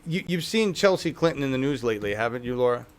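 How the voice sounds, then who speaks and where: A man's voice: mid-range voice, expressive, fast. A man co-hosting a casual political talk show, profane and mocking, often acting out the people he talks about. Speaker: co-host.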